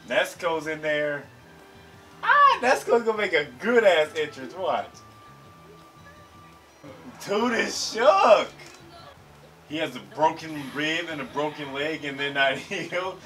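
Excitable man reacting to anime. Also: on the high side, unhurried, pauses often, faint music behind. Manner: excitable, slangy, swears freely. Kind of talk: casual reaction commentary. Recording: slightly distant mic, faint show audio.

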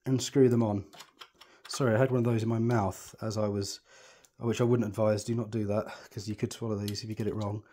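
A fairly low, warm male voice with little pitch movement races along fast with few pauses. He presents a hands-on telescope setup tutorial, explaining each step as he works, chatty and reassuring and often thinking aloud.

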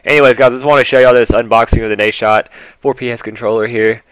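A young man with a Southern country accent, gushing over a controller unboxing, flipping between hushed awe and loud excitement. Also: medium pitch, fast, smooth, no echo, rough recording. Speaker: YouTuber.

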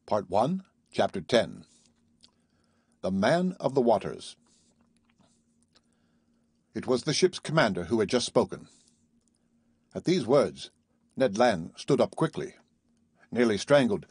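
A male narrator reads a classic novel in a steady, even audiobook style. His voice is somewhat husky at a middle pitch. The recording is dry and close, with no room sound. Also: no echo.

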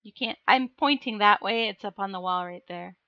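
Woman reading a book on stream, jokey asides to chat, bright voice, dry dull mic. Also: mid-range voice, normal speed, no room sound. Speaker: livestream book reader.

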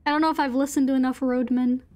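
Woman streamer, high voice, playful, chatting with viewers during a game. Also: steady tone, quick pace, a little mellow. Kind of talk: casual gaming chat.

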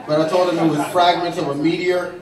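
A man's voice: sits high, little pitch movement, fairly quick. A man doing a stand-up routine in a saloon, telling rambling stories full of restarts and fillers. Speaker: stand-up comedian. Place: saloon stage with an audience. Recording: distant, echoey bar recording with crowd. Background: audience laughing.

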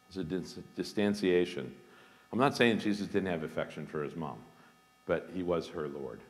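A man giving an informal talk as a guest speaker, thoughtful and emphatic, pausing with fillers and restarting his phrases. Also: low-pitched. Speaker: guest speaker, seminary dean. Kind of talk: informal lecture with questions. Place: large hall. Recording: hall with long reverb.

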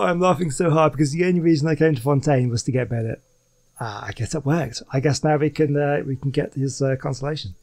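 A man talking through his gameplay in a loose, rambling way, full of "uh"s and restarts, and quick to get excited. His voice sits at a middle pitch. Faint game music plays underneath. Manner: chatty, rambling, many fillers and restarts, excitable. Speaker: let's play gamer. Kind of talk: casual gameplay commentary.

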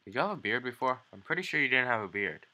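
Male host, bright tone, playful casual banter. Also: mid-range voice, very animated. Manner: playful, teasing, quick asides. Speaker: channel host. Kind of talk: casual joking chat.

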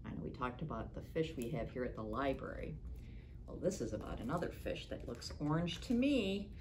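A woman librarian reading a picture book aloud for a virtual storytime, with gentle asides to the children, in a library. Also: extremely low pitch, sing-song, brisk, slight background noise. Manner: gentle asides to young listeners. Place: public library.

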